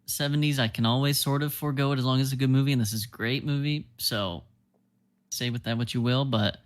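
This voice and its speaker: A man's voice: medium pitch, steady tone, fast. A man co-hosting a casual film review podcast, talking loosely with lots of filler and freely griping. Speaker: podcast co-host film critic.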